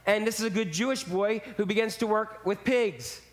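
A man's voice: high-pitched, normal speed. A man preaching a sermon in a church, speaking casually and acting out quotes in character voices. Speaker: pastor.

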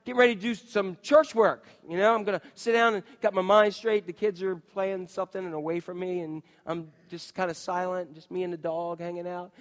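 High-voiced animated man preaching. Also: a little fast, few pauses. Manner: animated storyteller, mimics voices for laughs. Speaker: pastor. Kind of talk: sermon with personal story.

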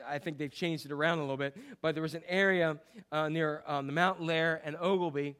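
A man preaching a conversational sermon, asking the congregation questions and now and then shouting out an imitation of street preachers. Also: high voice, smooth. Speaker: pastor.

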